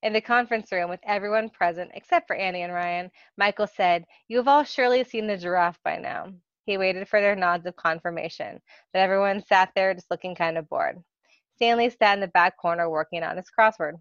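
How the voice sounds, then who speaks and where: A woman's voice: lowish voice, fairly even intonation, a little fast, fairly bright tone, clear, resonant tone, dry recording. A woman podcast host reading fan fiction aloud, giggling and laughing often as she goes. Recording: dull dry lo-fi recording.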